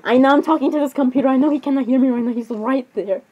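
A young woman doing a playful, giggly role-play with character voices, excitable and full of fillers and laughter. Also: high voice, rapid-fire, highs cut off, a little hiss or hum.

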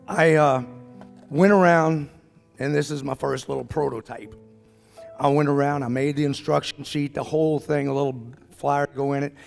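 A man's voice: a little high, fairly even intonation, moderate pace, gravelly, faint music behind. A middle-aged man from the New Orleans area with a New Orleans accent, telling a folksy story at a business talk and acting out the dialogue. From New Orleans area, Louisiana. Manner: folksy, acts out quoted dialogue. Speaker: speaker at a business summit.

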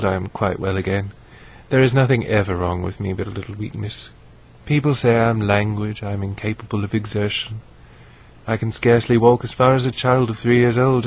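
Languid, sickly young woman, read by a man in a low voice, sweet and weary, storybook reading. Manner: soft, weary, reassuring. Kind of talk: audiobook reading.

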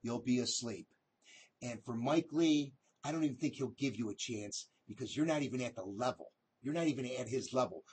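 Brash husky-voiced man hyping fights. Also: mid-range voice, brisk, a little mellow. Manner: brash and emphatic, keeps tossing in "okay?". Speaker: boxing promoter and video host. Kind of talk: hype promo talk to camera.

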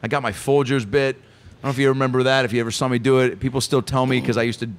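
A man in his thirties tells stories from his stand-up career in relaxed talk-show chat. He is animated and swears casually, and his voice sits at an ordinary middle pitch. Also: very fast. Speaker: comedian guest.

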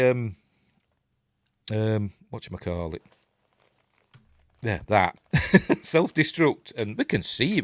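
A man's voice: on the low side, no room sound, clean studio sound. A man with a Yorkshire accent, hosting a casual live watch-along and chatting in a rambling way while he reads on-screen text aloud. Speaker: host.

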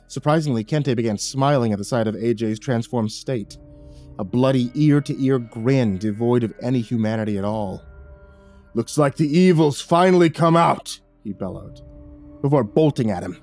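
A man narrating a first-person horror story in a steady, scripted delivery. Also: mid-range voice.

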